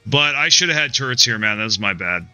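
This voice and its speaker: A male streamer venting while he plays a game live, swearing often and circling back on his thoughts. His voice is strikingly bright and edgy, and it swings widely in pitch. Soft music sits behind him on a dry, close mic. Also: animated, fast talker, clear, resonant tone, no room sound. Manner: rambling, profane, frustrated, with frequent restarts and "man" and "dude". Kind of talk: casual live-stream chat while playing.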